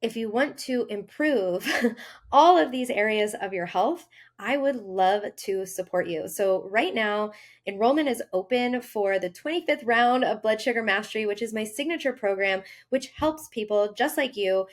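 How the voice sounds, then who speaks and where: A woman hosting a health podcast, talking earnestly in a casual monologue and acting out inner voices with sudden lifts in pitch. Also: lively intonation, moderate pace. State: briefly tearful. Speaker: health coach and podcast host.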